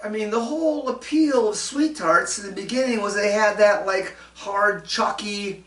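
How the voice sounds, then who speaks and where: A man's voice: high-pitched, moderate pace, fairly bright tone, recorded from a distance. Man, casual host commentary, rambling with fillers, echoey room. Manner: rambling, many fillers and restarts, chuckling asides. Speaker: show host doing commentary segments.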